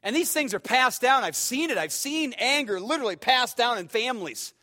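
A pastor preaching a sermon in a high, bright voice. He tells stories with energy, dropping to a hush and then rising to loud, sharp outbursts. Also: a little fast. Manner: animated storyteller, swings between hushed and shouting.

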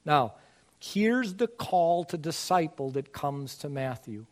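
A man's voice: a little high, big pitch swings, slow pace. A man preaching a sermon as pastor, earnest and building to emphatic passages.

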